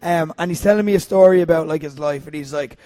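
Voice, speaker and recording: A man's voice: fairly high pitch, fast talker, dark tone, no echo, clean studio sound. A man co-hosting a podcast, telling stories with a giggly, anxious manner. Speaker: podcast co-host. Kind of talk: casual chat.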